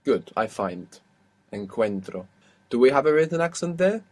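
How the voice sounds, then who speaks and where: A man teaching an audio language lesson, patiently asking questions and repeating words slowly. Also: on the high side, very animated, darkish tone.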